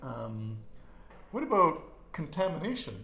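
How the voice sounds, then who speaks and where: A man's voice: on the high side, big pitch swings, unhurried, vocal fry, pushed and bright, reverberant. A man teaching a casual Spanish lesson, repeating each answer and praising it.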